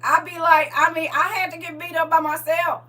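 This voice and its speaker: Lively, bright-voiced woman talking faith. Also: very high-pitched, fairly quick, far from the mic. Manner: animated, laughing often, reading comments aloud. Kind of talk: casual faith talk to viewers.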